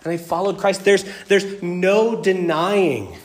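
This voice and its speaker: A male pastor delivers an earnest sermon and works through scripture passage by passage. His voice sits slightly high for a man. He repeats words when he stresses a point and drops into hushed tones on tragic moments. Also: slow. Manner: dramatic swings between loud emphasis and hushed tones.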